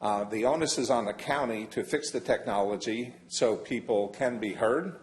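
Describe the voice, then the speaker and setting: An older man giving a formal public comment at a county meeting, measured and emphatic, leaning hard on key words. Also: medium pitch, a little hiss or hum. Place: county council chamber.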